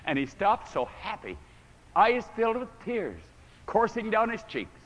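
A man preaching a storytelling sermon to a congregation, acting out the voices in the story with big swings from hushed to loud. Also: high-pitched, sing-song, unhurried, highs cut off. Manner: dramatic, acts out quoted voices with big swings in volume. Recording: echoey hall recording.

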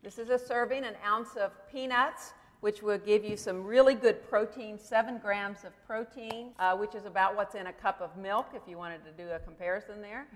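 A woman's voice: mid-range voice, fairly even intonation, moderate pace, few pauses, in a large hall. A woman co-presenting a health seminar, reading food labels and asking the audience questions as she explains.

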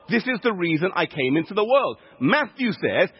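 A man's voice: sits high, sing-song, normal speed, hardly any pauses, husky. A man preaching a sermon, teaching step by step, repeating key points with emphasis. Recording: echoey hall, dull lo-fi sound.

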